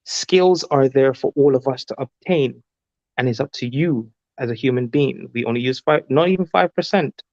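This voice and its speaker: A man delivers a motivational talk as a panel guest, earnest and deliberate. His voice comes through dull and lo-fi, with a dry, close sound and no room echo. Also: mid-range voice, a little mellow.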